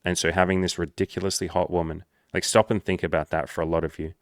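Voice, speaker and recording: Deep-voiced blunt, profane man coaching. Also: quick pace, no echo, clean studio sound. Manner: blunt, profane, animated storytelling. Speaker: social skills coach. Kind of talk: direct-to-camera monologue.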